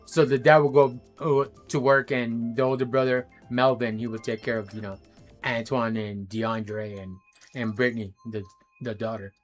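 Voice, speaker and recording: A man streaming a game, telling stories in a casual, animated way, full of slang and swearing. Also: mid-range voice, moderate pace, soft background music. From Los Angeles area. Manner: animated, slangy, swears freely, laughs loudly. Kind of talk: casual storytelling chat while gaming.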